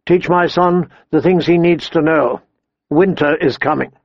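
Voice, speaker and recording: A man reading the lines of a weary nobleman, solemn and firm, in a low, restrained voice. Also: measured pace, no echo, lo-fi sound. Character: grave, weary nobleman and father.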